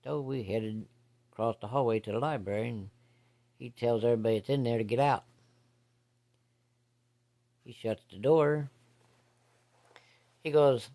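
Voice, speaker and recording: A man's voice: mid-range voice, measured pace, long pauses, warm tone. A man casually telling a story from his own life in a blunt, folksy, profane way. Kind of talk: casual first-person storytelling.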